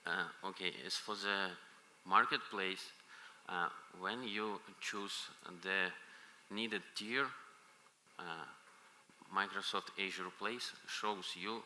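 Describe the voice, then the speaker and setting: Deep-voiced presenter, halting and bright. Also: male voice, steady tone. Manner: halting, many filler pauses. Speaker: conference presenter answering questions. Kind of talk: technical Q&A. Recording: reverberant conference hall, faint noise.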